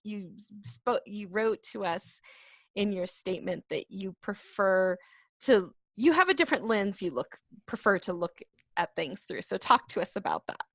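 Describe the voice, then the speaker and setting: A woman's voice: mid-range voice, lively intonation, normal speed, gravelly, dry recording. A woman hosting a podcast, asking a long question that she keeps rephrasing as she goes. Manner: rambling, self-correcting questions. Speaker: podcast host. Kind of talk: interview questions.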